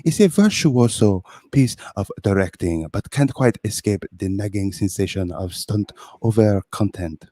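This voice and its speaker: A pompous male French critic in a comic podcast bit, put on by a man, with a put-on French accent. The voice sits lowish and sounds dry and close, and the blurb comes out in stiff, mock-formal reading. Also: expressive, measured pace, few pauses, dark tone, no echo. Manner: reads a film blurb aloud in mock formality.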